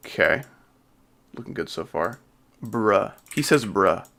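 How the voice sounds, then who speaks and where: A man's voice: on the low side, lively intonation, takes it slowly, gravelly, bright, forceful tone. A man with a slight Southern accent, chatting casually and jokingly with his livestream chat while he builds a game level. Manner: laid-back, joking, reads and answers chat. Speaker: game streamer.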